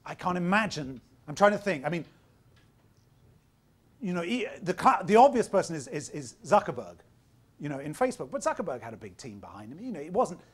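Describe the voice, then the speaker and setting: A man's voice: a little high, husky. A man who is losing his voice gives an informal talk to an audience of entrepreneurs. He speaks directly and with emphasis, often repeating words while he thinks.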